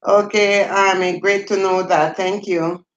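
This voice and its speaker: A woman's voice: mid-range voice, steady tone, unhurried, roomy sound, dull audio. A middle-aged woman from Jamaica with a Jamaican accent, chatting casually on a livestream and answering viewer comments as she goes. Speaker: livestream host.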